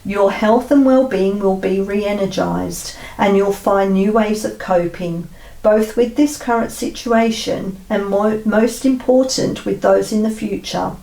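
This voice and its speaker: A woman giving a spiritual oracle card reading, gentle and unhurried, pausing often with fillers. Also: medium pitch, vocal fry. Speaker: tarot card reader. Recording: roomy sound from a distance.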